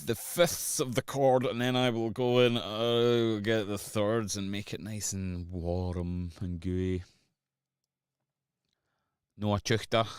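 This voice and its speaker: Scottish producer, deep voice, dry close sound, jokey rambling stream banter. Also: male voice, smooth, no room sound. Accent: Scottish, Glasgow area. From Scotland. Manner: joking banter with chat, rambling. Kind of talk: casual livestream chat while producing.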